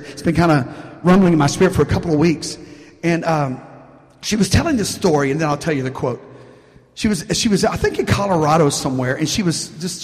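A man preaching a sermon in an animated way, calling out to the congregation for responses, recorded in a church. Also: fairly high pitch. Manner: animated, call-and-response preaching with frequent "Amen?". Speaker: pastor. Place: church sanctuary. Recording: long reverb of a church hall.

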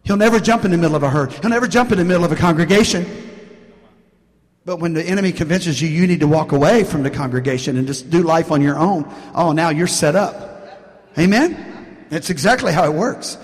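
A man preaching a sermon in an animated way, calling out to the congregation for responses, recorded in a church. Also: fairly high pitch, brisk. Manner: animated, call-and-response preaching with frequent "Amen?". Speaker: pastor. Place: church sanctuary. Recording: long reverb of a church hall.

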